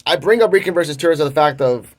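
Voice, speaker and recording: A man's voice: on the high side, fast talker. A young man hosting an online commentary show, casually retelling a news story with frequent restarts. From Puerto Rico. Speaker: commentary channel host.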